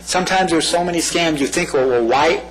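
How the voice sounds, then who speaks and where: This man's voice is fairly high, quick, and fairly bright, captured in a rough recording. Presenting to the community on public safety in a meeting room, he keeps it conversational, says things more than once, and keeps asking "right?"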